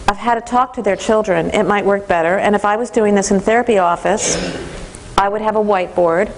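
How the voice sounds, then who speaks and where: Lively woman teaching a parenting class. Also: mid-range voice, slight background noise, rough recording. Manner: lively storytelling, acts out voices. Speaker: parenting trainer. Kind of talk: training lecture to a class.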